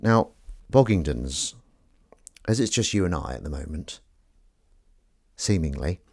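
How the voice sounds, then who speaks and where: A man's voice: extremely low pitch, animated, measured pace, creaky, mellow. Rambling, self-mocking man streaming live. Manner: rambling, self-mocking, talks to himself and viewers. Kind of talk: casual live-stream chat.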